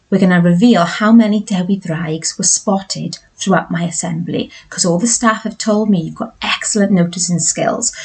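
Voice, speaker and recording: A woman teacher, addressing young children at a school assembly in a bright, sing-song way and leading call-and-response. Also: medium pitch, husky, rough recording.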